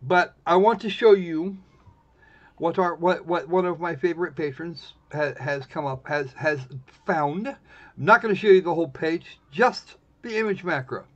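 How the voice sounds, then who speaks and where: Slightly high in pitch and moderately paced, this man hosts a live stream with casual, wry, rambling chatter, often fixing his own sentences partway through. The audio is muffled lo-fi stream sound.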